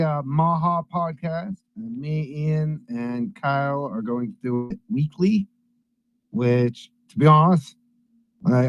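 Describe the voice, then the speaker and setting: A man's voice: a little high, a little mellow. Hesitant man on a dull lo-fi line. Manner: hesitant, enthusiastic, many fillers. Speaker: podcast guest. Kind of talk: casual live audio chat.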